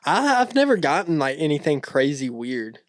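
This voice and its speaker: A man's voice: a little high, normal speed, dry recording, clean studio sound. A young man co-hosting a podcast, chatting casually and rambling through stories with lots of fillers. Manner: relaxed, rambling storyteller with many fillers. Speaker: podcast co-host. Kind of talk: casual chat.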